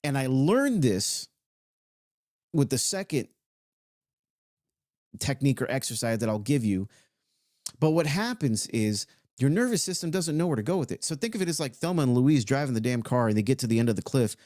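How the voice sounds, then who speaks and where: A man's voice: medium pitch, sing-song, a little mellow, no room sound, studio quality. Man in a casual self-help talk. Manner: loose and conversational, with swearing and slow stretched-out phrases.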